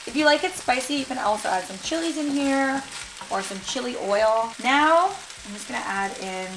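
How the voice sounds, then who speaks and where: Woman rambling while she cooks, jokey, kinda high voice, echoey kitchen. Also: lively intonation, moderate pace. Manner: chatty, jokey, thinking aloud while cooking. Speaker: vegan cooking vlogger. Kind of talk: casual cooking vlog chat. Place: home kitchen. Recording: echoey kitchen, faint noise.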